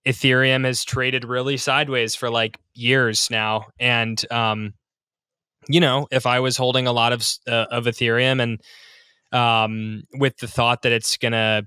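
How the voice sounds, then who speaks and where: A man co-hosting a podcast, answering in a measured, hedging way with lots of ums. His voice is bright and clear, with a smooth, crisp edge. The recording is dry and close. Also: medium pitch, little pitch movement, no room sound. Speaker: podcast co-host. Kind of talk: casual podcast chat.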